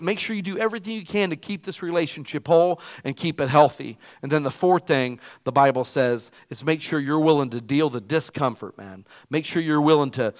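A man preaching with casual, street-level emphasis, his voice sitting a little high. He jumps from loud, pressing bursts to hushed, low asides and keeps dropping in a conversational "man". The delivery stays relaxed and never stiff. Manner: big swings between loud bursts and quiet, low asides. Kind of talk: sermon.

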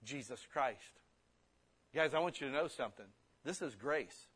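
A man preaching a sermon, blunt and forceful, slipping into quick mimicked excuses. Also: medium pitch, lively intonation, slightly rough.

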